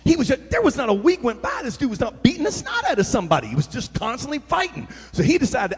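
A middle-aged pastor preaches with a fairly high voice, spinning lively stories and pulling the crowd in with call-and-response. His voice rings out with a long reverb, as if it fills a big church hall. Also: fast, breathy edge. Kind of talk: sermon. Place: church sanctuary.

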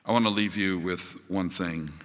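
A man preaching a sermon as pastor, building to emphatic high points and dropping to soft, quiet appeals. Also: steady tone, moderate pace, in a large hall. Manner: rises to emphatic peaks, drops to soft closing appeals.

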